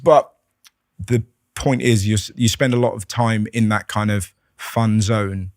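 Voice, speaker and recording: A man, a comedian guest chatting on a podcast, telling animated stories, acting out voices and swearing freely. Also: fairly low pitch, measured pace, dry recording, clean studio sound. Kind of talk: casual podcast conversation.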